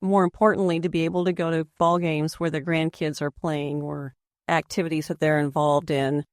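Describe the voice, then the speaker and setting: Woman with a lowish voice, calm and practical, dry studio sound. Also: moderate pace, no room sound. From United States. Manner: explanatory, steady and practical. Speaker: extension specialist. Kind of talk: radio interview.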